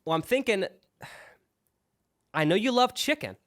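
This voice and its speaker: Male podcast co-host, slightly higher voice, laid-back meandering banter. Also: lively intonation, slow, a bit bright. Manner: easygoing, rambling, hesitant with fillers. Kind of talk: casual chat.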